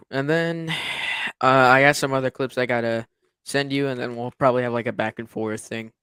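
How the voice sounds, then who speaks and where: A man co-hosting a livestream, reacting in casual, excited, slangy chat. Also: mid-range voice, normal speed, smooth, no echo, clean studio sound. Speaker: livestream co-host.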